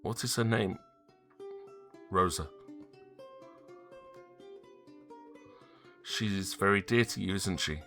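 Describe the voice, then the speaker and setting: A man voicing a young grieving male prince who speaks softly and pleadingly, reading game dialogue aloud. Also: sits low, measured pace, soft background music. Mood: earnest. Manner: soft and pleading.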